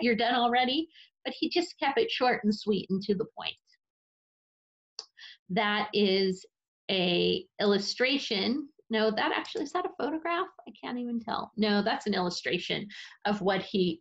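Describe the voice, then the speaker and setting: A woman's voice: medium pitch, highs cut off. A woman teacher giving a recorded history lesson from her office, explaining in a conversational way with fillers and self-corrections.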